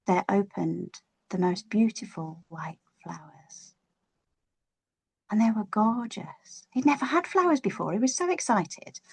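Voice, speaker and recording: Expressive woman telling a children's story. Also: medium pitch. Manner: expressive, playful, drawn-out words.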